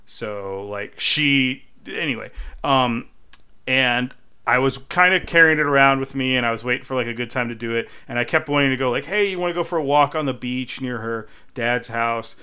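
Man, podcast co-host, bright and crisp voice, animated anecdotes, casual chat. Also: mid-range voice, normal speed. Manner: animated storyteller, acts out quotes.

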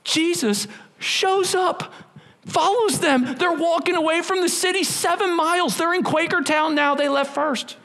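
A man's voice: very high voice, measured pace, vocal fry, sharp tone. A middle-aged male pastor preaching a sermon, telling the story with acted-out voices and sudden drops to a whisper.

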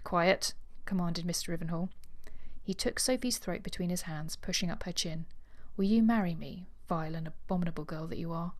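A woman's voice: fairly low pitch, a little fast. A woman co-hosting a book podcast who reads a novel passage aloud with acted dialogue, then chats casually. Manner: expressive reader, acts out dialogue, laughs easily. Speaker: podcast co-host.

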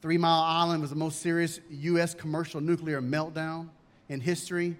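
A man's voice: a little high, little pitch movement, fairly quick. A male pastor preaching a sermon emphatically and asking rhetorical questions, in a church. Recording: long hall reverb.

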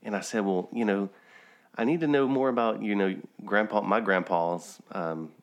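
A man's voice: lowish voice, normal speed. A man chatting casually on a podcast, telling a rambling family anecdote with occasional chuckles. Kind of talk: casual conversational storytelling.

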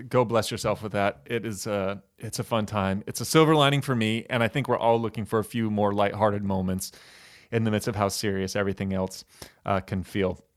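Chatty man, smooth voice. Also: on the low side. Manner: chatty and warm-humored, often saying "you guys", with frequent ums and uhs. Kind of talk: casual talk to a church audience.

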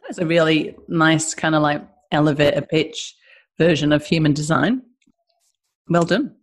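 A woman's voice: low-pitched, unhurried. A woman hosting a podcast in a casual, chatty, upbeat way, with plenty of fillers. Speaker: podcast host.

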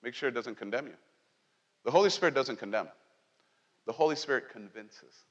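Conversational pastor preaching in a reverberant church. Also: male voice, mid-range voice, brisk, muffled recording. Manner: conversational, animated preaching with jokes and asides. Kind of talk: sermon. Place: church sanctuary.

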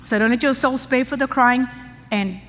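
Older female preacher, higher voice, emphatic and chatty, long hall reverb. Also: moderate pace, fairly bright tone, slight background noise. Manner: emphatic, conversational preaching with asides. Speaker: pastor's wife preaching to women. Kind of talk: sermon. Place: church.

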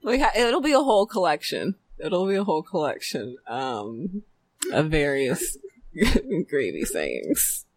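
A playful woman hosting with lively pitch. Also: measured pace, no echo. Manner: playful, laughs often, steers the conversation. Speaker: podcast host. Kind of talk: casual chat.

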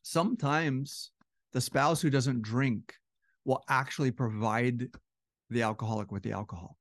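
A man with a gravelly, fry-heavy voice explains relationships in a loose, conversational way. His voice sounds a bit strained. The recording is close and dry, with no room around it. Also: mid-range voice, unhurried, no room sound. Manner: conversational, acts out quoted couples with shifting voice. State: slightly strained voice. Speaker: relationship educator. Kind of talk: casual explanatory talk.

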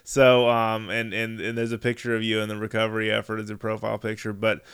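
A man hosts a radio interview in a folksy, rambling manner, talking in a low voice. His tone is smooth and clear as he chats with his guest. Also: completely flat delivery, fast, a bit bright. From Texas. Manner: folksy, rambling, many fillers and restarts. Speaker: radio show host.

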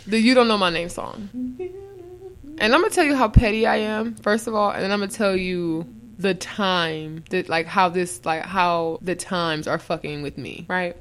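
A young adult woman hosting a podcast, telling stories in blunt, profane, animated casual chat. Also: fairly low pitch, moderate pace. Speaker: podcast host.

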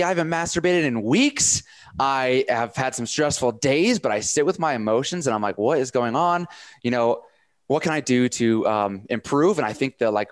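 A man of middle pitch talks eagerly in a casual podcast conversation, clearly fired up. His voice is recorded close and dry, with no room sound. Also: no room sound. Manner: energetic and enthusiastic.

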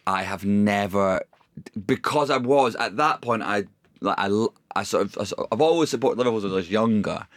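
A man's voice: on the low side, a little fast, no echo. A man in his thirties telling rambling, self-deprecating stories in a casual podcast chat, full of restarts. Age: 30s. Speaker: comedian guest.

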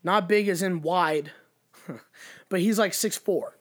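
A man telling a bar story in a casual chat, profane, animated and emphatic. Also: sits high, slow.

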